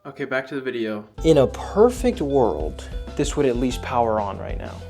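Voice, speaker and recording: A man's voice: medium pitch, big pitch swings, moderate pace, a little mellow, soft background music. Dramatic, self-mocking young man vlogging. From United States. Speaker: streamer and vlogger. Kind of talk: casual vlog chat. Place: at home, setting up a computer.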